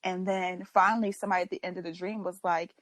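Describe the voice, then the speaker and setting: A young woman chats on a podcast. She tells animated stories and acts out her own quotes. The sound is dry and close, with little room in it. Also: on the low side, fast, no room sound. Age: young adult. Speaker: podcast co-host. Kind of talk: casual chat.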